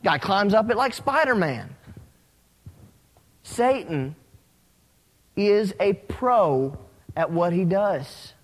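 A man preaching a sermon as a pastor, telling stories with animated, rising emphasis. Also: sits high, slow pace, pauses often. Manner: animated storytelling, rising when excited. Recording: long hall reverb.

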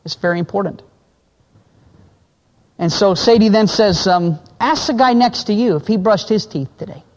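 A man's voice: normal speed, long reverb tail. A man preaching, telling illustration stories and acting out the quoted voices of the people in them. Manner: acts out quoted voices, drops low for men's lines. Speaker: pastor. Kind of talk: sermon illustration storytelling.

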